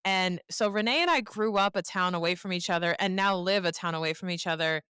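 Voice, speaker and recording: A woman's voice: fairly low pitch, fairly quick, fairly bright tone, smooth, dry recording, clean studio sound. A woman with a North Shore Boston accent hosting a podcast, chatty and laughing as she asks long rambling questions. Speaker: podcast host. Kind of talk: podcast conversation.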